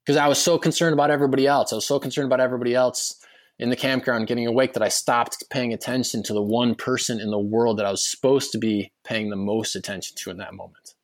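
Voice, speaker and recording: A man's voice: medium pitch, fairly even intonation, fast. A middle-aged man, a podcast guest, telling a personal story in an earnest, emotional way, often repeating his words.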